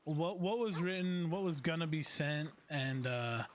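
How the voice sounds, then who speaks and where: Guy streaming, high voice, joking around, laughing a lot. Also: measured pace, a little hiss or hum. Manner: joking, teasing, laughs often. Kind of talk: casual role-play stream chat.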